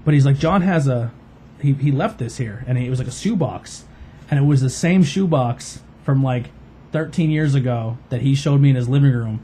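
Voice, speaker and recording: A podcast host with a warm, medium-pitched voice spins a long, rambling story at a moderate pace. He fills it with fillers and acts out the quoted voices casually, with slight background noise behind him.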